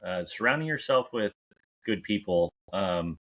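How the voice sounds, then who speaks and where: A man with a very deep voice hosts a casual podcast interview. He gives upbeat, encouraging advice in a relaxed, conversational way. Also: unhurried. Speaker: podcast host.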